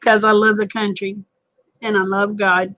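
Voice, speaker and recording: Raspy, twangy woman, tired. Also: mid-range voice, little pitch movement, measured pace, pushed and bright, no room sound, poor audio. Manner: folksy, rambling, self-deprecating. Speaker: livestream host. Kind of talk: casual livestream chat with viewers. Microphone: phone camera close up.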